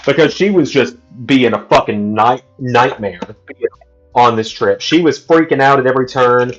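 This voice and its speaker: An exasperated man vents through a long story on his livestream, swearing freely as he goes. His voice sits at a middling pitch. The audio is slightly muffled, with faint music underneath. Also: normal speed. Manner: exasperated, profane ranting. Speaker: livestream host.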